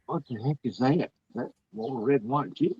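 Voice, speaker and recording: A man's voice: medium pitch, normal speed, mellow, slightly rough. An older man, rambling in folksy, easygoing talk as he hosts a casual livestream. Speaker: livestream host. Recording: dull, dry lo-fi audio.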